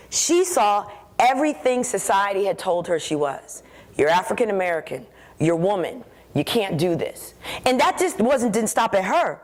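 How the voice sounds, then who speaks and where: A woman giving a conference keynote on stage, telling her story with animated energy and acting out the voices in her head. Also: fairly low pitch. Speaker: keynote speaker.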